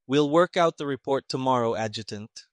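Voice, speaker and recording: A man's voice: medium pitch, normal speed, dry recording, studio quality, lightly acted. A man voicing an irritable middle-aged army colonel who talks in a curt, sarcastic way, in an audiobook reading. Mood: grim.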